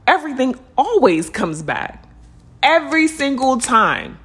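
A woman's voice: sits high, breathy edge. A woman hosting a spiritual podcast, talking casually and earnestly to her listeners, calling them y'all and unicorns. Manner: earnest and lively, stretching words when urging listeners to slow down. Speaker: podcast host. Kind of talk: reflective spiritual podcast monologue.

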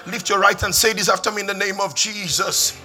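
A man with a Nigerian accent preaching a sermon as pastor, emphatic and repetitive, building up to shouts. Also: high-pitched, fairly even intonation, brisk.

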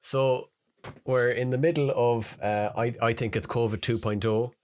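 A young Irish man co-hosting a podcast in casual banter, jokey and halting, laughing often. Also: mid-range voice, steady tone, darkish tone, dry recording, clean studio sound. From Ireland. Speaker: podcast co-host.

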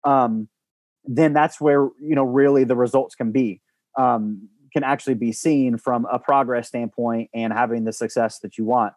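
A man's voice: medium pitch, steady tone, normal speed, a little mellow, no room sound. Guy rambling earnestly about coaching, lots of ums, dry recording. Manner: earnest, rambling with many restarts and fillers. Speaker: guest, former baseball coach. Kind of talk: podcast conversation.

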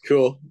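A man's voice: very high-pitched, a little hiss or hum. A man guesting on a podcast in casual chat, agreeable and mostly giving short replies.

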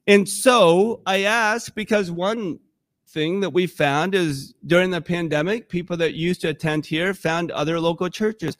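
A man's voice: high voice, unhurried, no echo, studio quality. A man preaching a sermon in a church, talking in a conversational, emotional and impassioned way. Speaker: pastor.

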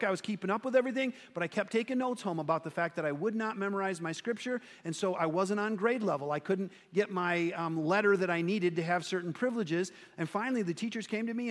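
A man's voice: sits high, a bit bright, in a large hall. A male pastor preaching a sermon in a conversational, self-deprecating storytelling manner.

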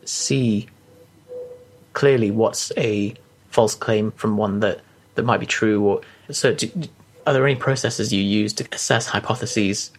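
A man's voice: on the low side, fairly even intonation, a little slow. A man hosting a casual podcast, asking long, rambling, hesitant questions. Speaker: podcast host.

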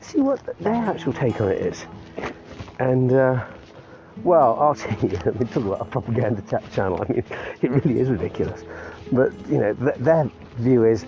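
A man's voice: mid-range voice, sing-song, moderate pace, dark tone. A man in his fifties rambling on about his day for his podcast while walking his dog outdoors, laughing often and restarting his sentences. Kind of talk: rambling casual monologue. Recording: muffled recording with clear music behind.

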